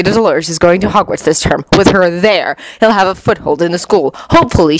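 A woman's voice: medium pitch, no echo. A woman reading fanfiction aloud as an audiobook, sometimes restarting lines. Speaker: fanfiction reader. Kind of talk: audiobook narration.

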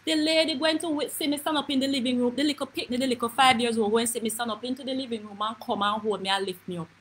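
A woman's voice: on the high side, slightly rough, low-quality recording. Woman doing a brash Jamaican auntie. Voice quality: animated patois storytelling, quick asides. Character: brash gossipy middle-aged auntie woman. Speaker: comedy character host. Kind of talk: live comedic monologue.

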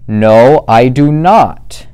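A man's voice: on the low side, very animated, slow pace, dark tone, smooth, full character voice. A young man voicing a big, grumpy, stubborn male bear in a storybook, grumbling his refusals. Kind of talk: storybook character voice.

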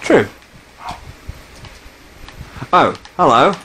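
A man's voice: on the high side, big pitch swings, very slow, sharp tone, a little hiss or hum, rough recording. A man chatting casually while playing a video game, rambling with restarts and whiny complaints. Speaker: gamer. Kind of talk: casual gaming chat.

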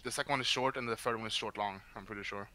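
A man's voice: on the low side, fairly even intonation, racing, bright, forceful tone. A man in a casual co-op game, calling out signals and laughing easily. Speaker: bomb defuser in a co-op game. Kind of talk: casual gaming chat.

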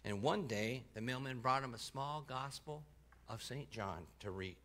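Guy preaching a story, bright clear tone, voices the characters and drops soft for sad bits. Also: medium pitch, a little slow. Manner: voices the people in the story, dropping soft for sad parts and lifting for excited ones. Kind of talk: sermon storytelling, reading a testimony aloud.

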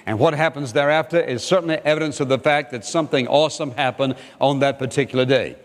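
A man's voice: medium pitch, fast, long reverb tail. An older man preaching a sermon as pastor, emphatic and repetitive, questioning his listeners directly.

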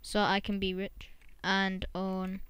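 A woman gives relaxed commentary on her game and talks straight to the monkey she is raising. Her voice is smooth and clean, and she takes her time. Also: mid-range voice, slow. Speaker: gamer.

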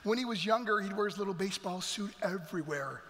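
Middle-aged male guest speaker, high bright voice, dramatic testimony, big church echo. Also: quick pace. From New York. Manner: dramatic, emphatic storytelling with acted quotes. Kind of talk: motivational testimony. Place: large church hall. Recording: reverberant church hall.

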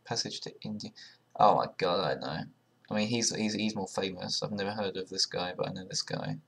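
Low gravelly man muttering quiz answers. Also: brisk. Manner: sarcastic, swears often, sudden loud outbursts; thinks aloud, muttering guesses. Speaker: video creator. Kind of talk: casual commentary while taking an online quiz.

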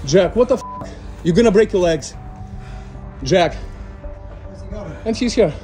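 A man shouting taunts while chasing someone on foot, repeating a name again and again and short of breath from running. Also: high-pitched, expressive, slow pace, soft background music. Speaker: scambaiter confronting a scammer. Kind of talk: shouted taunting during a chase.

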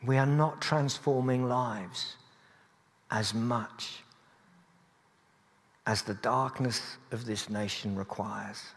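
A man preaching to his congregation, earnest and steady at a middling pitch, slipping in dry jokes at his own expense. His voice rings out into a church with a long, lingering reverb. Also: slow, pauses often. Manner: earnest, with dry humorous asides. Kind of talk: sermon.

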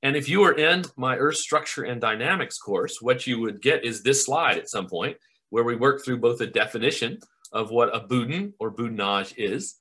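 Man, middle-aged, geology professor, bright voice, enthusiastic, conversational lecture, video call. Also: mid-range voice, animated, normal speed, slightly rough. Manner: enthusiastic, conversational, asks rhetorical questions. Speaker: geology professor, webinar presenter.

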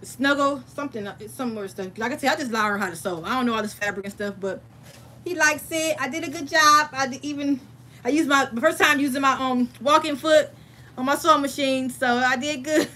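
A woman's voice: high-pitched, brisk, sharp tone, slight background noise. A woman in her thirties, hosting a casual crafting livestream from home and chatting familiarly with her viewers.

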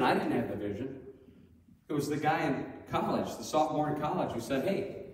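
Middle-aged male preacher, storytelling sermon, animated, distant mic in a roomy church hall. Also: medium pitch, brisk. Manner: animated, acts out quoted voices loudly. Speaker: Sunday school teacher. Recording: echoey hall from far off.

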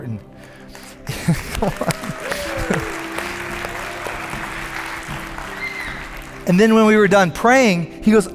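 Guy preaching a sermon, earnest, keeps repeating words, kinda high voice, big echoey church sound. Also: lively intonation, slow pace, long pauses, a faint crowd. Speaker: pastor. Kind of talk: sermon storytelling. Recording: long hall reverb with faint music.

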